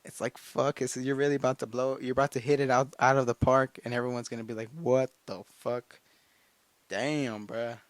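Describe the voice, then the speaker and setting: A man's voice: mid-range voice, level tone, fast talker, hardly any pauses, dry recording. A man of nineteen hosting his own podcast alone, giving himself and his listeners a fired-up motivational pep talk, swearing often and repeating phrases. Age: late teens. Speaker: podcast host. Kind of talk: casual solo motivational podcast monologue.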